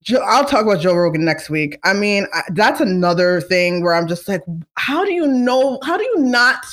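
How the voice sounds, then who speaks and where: A woman's voice: medium pitch, normal speed. Chatty opinionated woman hosting a show. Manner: chatty, animated and opinionated, many fillers and asides. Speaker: podcast host. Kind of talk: casual chat.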